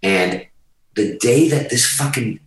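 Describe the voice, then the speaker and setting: A man's voice: mid-range voice, lively intonation, takes it slowly, recorded from a distance. Swearing, emphatic man in a roomy space. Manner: profane, emphatic, rambling. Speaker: guest musician. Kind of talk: candid storytelling in a podcast interview.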